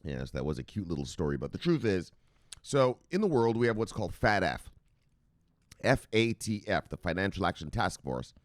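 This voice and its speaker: A man from the United States with a low voice that swings widely up and down. He hosts a crypto news show in a loose, joking, profane style, chuckling often. The sound is close and dry with no room echo. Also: sing-song, moderate pace. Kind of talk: casual news commentary.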